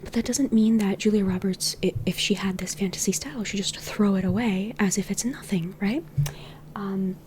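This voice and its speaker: Softly whispering woman, mellow tone. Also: mid-range voice, steady tone, normal speed, a little hiss or hum. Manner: whispers much of the time; gentle, reflective, heart-to-heart. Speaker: style consultant and YouTuber. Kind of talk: soft-spoken talk to camera.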